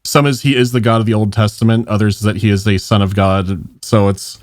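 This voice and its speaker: Podcast guest: a man with a lowish voice, calm and explanatory, in a dry room. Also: fairly quick, no room sound. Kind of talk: casual podcast chat.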